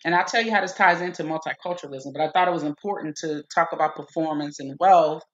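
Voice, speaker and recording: A woman from the United States hosts a live-stream explainer, methodically working through a list of figures and frequently checking with "okay?". Her voice is low and fast, and the recording has its highs cut off.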